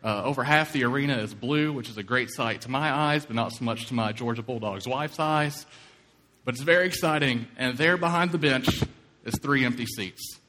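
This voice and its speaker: Preaching in a space with long hall reverb, this Kentucky pastor speaks at normal speed in a mid-range voice with a sharp edge. He tells a story within his sermon and performs the quoted voices.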